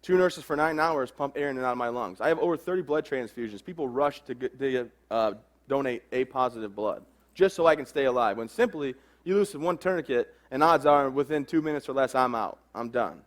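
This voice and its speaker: A man in his thirties speaking at a fast clip, his pitch sitting in a middle register. He tells his own story to a crowd frankly and plainly, with quick asides. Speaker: army veteran speaker. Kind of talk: personal testimony talk.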